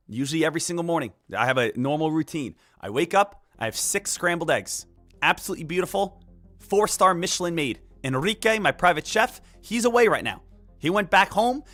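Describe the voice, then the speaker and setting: A man streaming live market commentary, energetic and emphatic, repeating key points and joking with viewers. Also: on the high side. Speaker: day trading live streamer.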